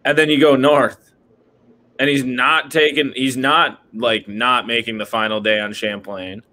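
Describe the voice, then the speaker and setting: A man's voice: mid-range voice, level tone, measured pace, pushed and bright. A man co-hosting a podcast in a loose, rambling chat, leaning heavily on "like" and "dude". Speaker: podcast co-host. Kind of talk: casual fishing chat.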